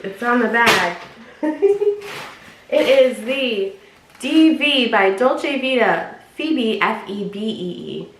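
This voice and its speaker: A woman's voice: big pitch swings, slow. Chatty woman in an echoey room. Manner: chatty, drops low and quiet on asides. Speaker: vlogger. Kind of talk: casual unboxing chat. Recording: echoey room with faint noise.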